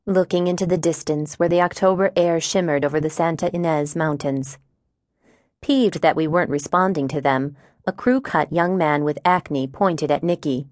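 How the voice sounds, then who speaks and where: Woman, low voice, audiobook narrator, measured wry reading, dry close sound. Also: no room sound. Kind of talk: scripted first-person narration.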